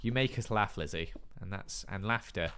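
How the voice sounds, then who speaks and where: A man's voice: fairly low pitch, normal speed, a crowd in the background. A man chatting casually on a livestream, rambling and self-deprecating and tripping over his words. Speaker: streamer host. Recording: faint background noise.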